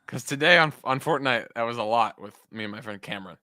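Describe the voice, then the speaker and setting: A podcast co-host in casual chat, telling stories in an animated way and swearing often over a video call. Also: mid-range voice, fast talker, no echo, clean studio sound. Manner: animated storytelling, swears a lot.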